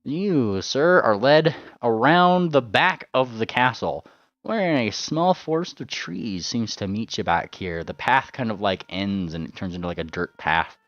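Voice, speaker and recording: A man's voice: lowish voice, expressive, a little slow, fairly bright tone, no room sound, soft background music. A man running a tabletop game as game master, rambling with lots of fillers and repeated words. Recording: dull lo-fi sound.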